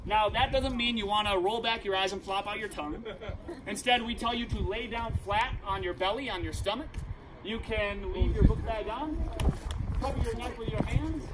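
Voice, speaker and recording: A man working as a park ranger, giving a lively outdoor talk to a crowd and leading them in call-and-response. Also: high voice, normal speed. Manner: projecting, upbeat, leads call-and-response. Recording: distant outdoor voice, loud background noise.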